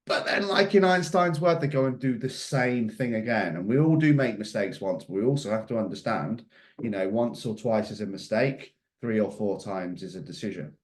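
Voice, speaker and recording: A man's voice: on the low side, lively intonation, brisk, darkish tone. A middle-aged man giving a motivational mindset talk, emphatic and fond of repeated questions. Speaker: mindset coach. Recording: echoey room.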